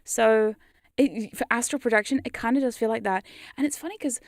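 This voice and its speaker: A woman's voice: on the high side, brisk, gravelly, no room sound, clean studio sound. A woman chatting casually on a livestream as a hypnosis creator, rambling playfully, laughing often and swearing freely. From New Zealand. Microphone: studio condenser mic.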